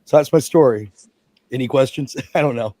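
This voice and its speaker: A man's voice: mid-range voice, normal speed, dark tone, dry recording. Blunt, self-mocking man in his forties. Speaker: stream guest. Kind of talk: casual chat.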